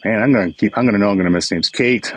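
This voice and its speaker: A man's voice: lowish voice, very fast, a bit bright, no room sound, low-quality recording. Older man chatting on a live stream. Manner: chatty, greeting viewers by name, emotional and upbeat. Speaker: livestream host. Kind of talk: casual live-stream chat. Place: indoors at home, crickets outside. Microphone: phone or webcam for a live stream. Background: crickets and insects chirping.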